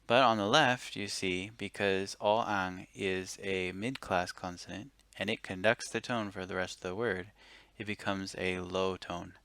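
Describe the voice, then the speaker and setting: A man with a low voice and a bright, forceful edge explains grammar rules step by step. He talks in a relaxed, casual way, pausing to correct himself, recorded close and dry in a quiet room. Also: no echo. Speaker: language teacher.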